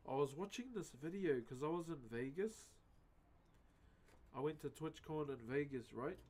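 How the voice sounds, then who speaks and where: A man's voice: a little high, lively intonation, moderate pace, a little mellow. Laid-back New man chatting, bro. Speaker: livestreamer. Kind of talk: casual live-stream chat with viewers. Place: home streaming setup while wood carving. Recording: music bed under voice. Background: music playing.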